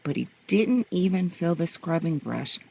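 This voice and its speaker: A woman reading children's stories aloud in a slow, gentle, expressive way. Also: on the low side, vocal fry, husky. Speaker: storyteller. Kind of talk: children's story read-aloud.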